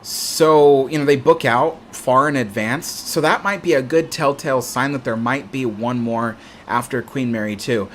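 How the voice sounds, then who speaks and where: A man's voice: mid-range voice, moderate pace, fairly bright tone, slight background noise. Chatty man hosting a casual livestream. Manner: chatty, reads viewer comments aloud, many ums. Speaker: livestream host. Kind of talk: casual live chat.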